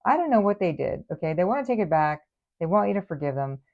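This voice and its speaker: A woman's voice: on the low side, very animated, fast, vocal fry, narrow, tinny audio, a little hiss or hum. A woman giving a casual tarot reading, sassy and exasperated in her asides. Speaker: tarot reader.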